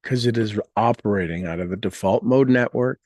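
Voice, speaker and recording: A man giving a motivational talk to an audience, explaining ideas earnestly and guiding listeners through slow, deliberately repeated affirmations. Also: lowish voice, a little mellow, dry recording, clean studio sound.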